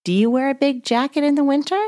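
A woman hosting a children's mindfulness story, gently guiding breathing and movement exercises. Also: high-pitched, fast talker. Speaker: host of children's mindfulness podcast.

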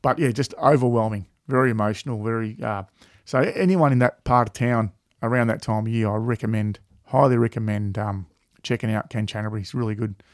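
Rambling Australian bloke, swearing freely. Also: male voice, fairly low pitch, fairly quick, dry recording, studio quality. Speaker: podcast co-host. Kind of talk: casual chat.

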